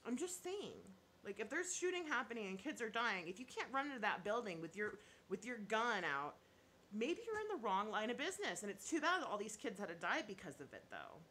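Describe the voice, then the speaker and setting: A woman's voice: mid-range voice, very animated, brisk, pushed and bright, slight background noise. A woman YouTuber in casual live chat, reading viewer comments and giving blunt opinions, laughing often and apologizing half-jokingly.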